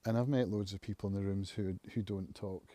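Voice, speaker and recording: Mellow-voiced man musing aloud. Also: lowish voice, fairly even intonation, no room sound. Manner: reflective, musing, thinks aloud with pauses. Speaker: channel host, recovering alcoholic. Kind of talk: casual live-stream monologue.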